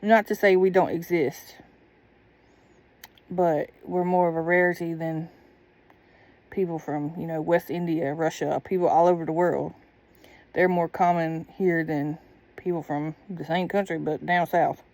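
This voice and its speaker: A woman's voice: fairly low pitch, steady tone, measured pace, long pauses, darkish tone. A woman telling a candid personal story in a blunt, profane, casual monologue. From Southern United States.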